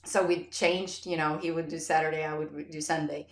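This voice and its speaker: A woman's voice: low voice, fairly even intonation, moderate pace. Effusive woman host in a roomy echo. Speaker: podcast host. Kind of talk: casual interview chat.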